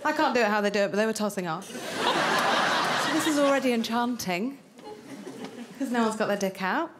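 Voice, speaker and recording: A woman's voice: a little high, lively intonation, moderate pace, very noisy. Cheeky North Welsh woman doing stand-up. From North Wales. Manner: chatty, cheeky and laughing through punchlines. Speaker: stand-up comedian. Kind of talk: stand-up comedy set.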